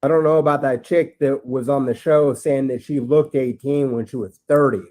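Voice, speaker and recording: A man's voice: mid-range voice, steady tone, moderate pace, a little mellow. A man talking as a podcast guest, rambling and aggrieved, swearing freely. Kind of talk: ranting podcast talk.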